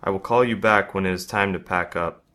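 A man reading a story aloud, voicing a calm female schoolteacher without changing his low voice. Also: fairly quick.

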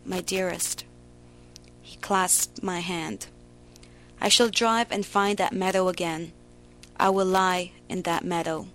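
A woman giving a slow, emotional, theatrical reading of a first-person story. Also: fairly low pitch, a little hiss or hum, rough recording. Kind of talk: dramatic literary reading.

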